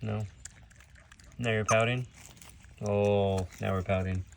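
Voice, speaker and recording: A man's voice: fairly low pitch, steady tone, slow pace, gravelly, a little hiss or hum. A man who keeps an animal sanctuary, narrating a casual vlog outdoors, explaining animal care plainly and cooing at the animals.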